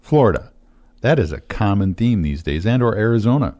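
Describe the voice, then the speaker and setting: A middle-aged man with a low voice explains finances in relaxed talk-show chat. He speaks steadily and patiently, stopping often for small fillers as he works through each point. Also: a little fast. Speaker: financial advisor.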